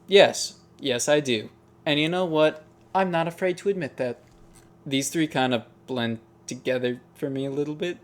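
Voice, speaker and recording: A man talking casually as he ranks songs. He thinks aloud, hesitates and restarts often, in a voice of middling pitch. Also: smooth. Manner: musing, hesitant, frequent ums and restarts. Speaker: music ranking video host. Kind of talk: casual tier-list commentary.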